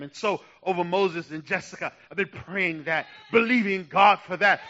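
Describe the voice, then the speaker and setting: A male pastor with a very high, bright voice preaches with passion. He swings from hushed asides to loud, fervent shouts, and the recording sounds dull and lo-fi. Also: measured pace. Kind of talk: sermon.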